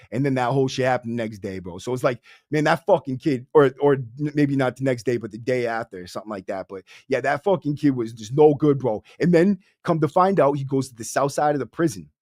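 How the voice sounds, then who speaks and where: A young man hosts a podcast, spinning a casual, streetwise, profane story packed with "bro" for a livestream audience. His mid-range voice has a darkish tone, and the studio recording is clean with no room sound.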